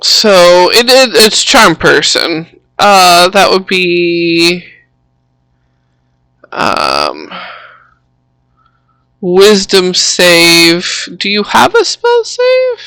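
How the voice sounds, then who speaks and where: A woman running a tabletop game as game master, narrating slowly with many pauses and fillers. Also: on the low side, very animated, sharp tone, no room sound. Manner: slow, halting, many fillers.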